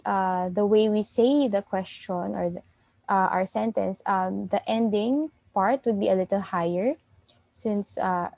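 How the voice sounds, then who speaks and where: A woman's voice: mid-range voice, darkish tone, no echo. A woman with a Filipino accent teaching a beginner Japanese class online, explaining patiently step by step with many fillers. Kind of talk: online language lesson.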